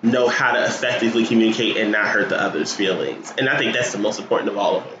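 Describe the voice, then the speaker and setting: A man co-hosting a podcast, telling stories in an animated, profane, casual way. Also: fairly low pitch, quick pace. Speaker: podcast co-host. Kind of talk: casual chat. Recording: roomy, dull, noisy room sound.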